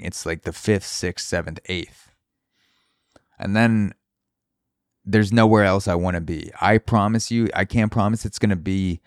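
Deep-voiced encouraging man hosting a podcast. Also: no echo, studio quality. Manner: earnest, encouraging, repeats himself for emphasis. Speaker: podcast host. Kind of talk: solo podcast monologue.

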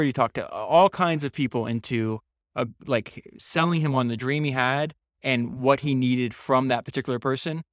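A man hosts a solo book podcast, speaking enthusiastically with many restarts and fillers. His mid-range voice comes through a dry, studio-quality recording.

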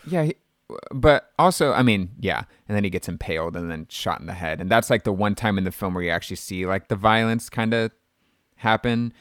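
A man's voice: on the low side, lively intonation, fairly quick, fairly bright tone, dry recording, studio quality. A man talking casually and animatedly about a film, with lots of fillers.

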